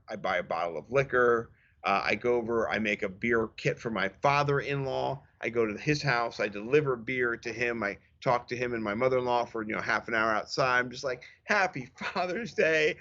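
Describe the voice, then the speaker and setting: A man in his thirties co-hosting a casual fantasy football podcast, telling stories with lively acted-out quotes. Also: mid-range voice, lo-fi sound. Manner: animated storyteller, acts out quotes. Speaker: podcast co-host. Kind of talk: casual sports chat.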